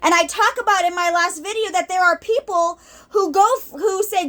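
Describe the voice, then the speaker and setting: Woman, high voice, unscripted spiritual testimony, earnest, rambling, emotional at times. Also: fast talker, few pauses, a bit bright. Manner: earnest, rambling, with restarts and quoted asides. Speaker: ministry video host.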